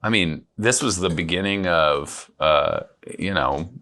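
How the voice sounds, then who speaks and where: A man's voice: low voice, measured pace, pushed and bright. A man hosting an interview, reacting briefly and asking casual questions. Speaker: podcast host.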